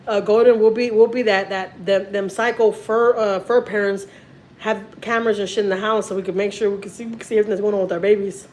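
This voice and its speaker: A woman with a Texan accent chatting casually on a family live stream, animated and repeating herself as she talks while holding a phone in her kitchen. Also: mid-range voice, fast, a little hiss or hum. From Houston, Texas. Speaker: family vlogger. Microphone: handheld phone.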